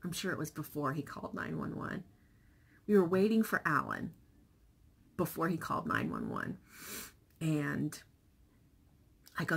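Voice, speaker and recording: A middle-aged woman with a deep, gravelly voice and a breathy edge speaks unhurriedly, leaving long pauses. She's chatting in a personal vlog, sharing a family story openly and emotionally. As she retells the dialogue, she acts it out with animated voices.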